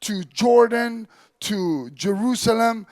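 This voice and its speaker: A man delivers an animated sermon-style story in a fairly high voice. He swings between loud bursts and quiet, low stretches when he quotes people. The sound is dry and close, with no room echo. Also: slow pace. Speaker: Islamic lecturer. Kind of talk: storytelling religious talk.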